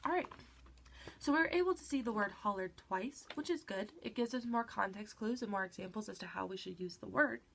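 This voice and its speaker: A woman's voice: mid-range voice, fairly quick, vocal fry, hardly any pauses, a bit bright, a little hiss or hum. A woman teacher with a stuffy nose, patiently guiding children through a reading lesson and checking in with them often. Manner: patient, encouraging, frequent "all right" check-ins.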